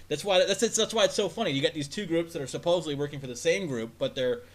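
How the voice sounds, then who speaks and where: A man with a slightly high voice co-hosts a casual podcast chat. He talks crudely and mockingly, swearing freely as he riffs. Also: quick pace. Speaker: podcast co-host.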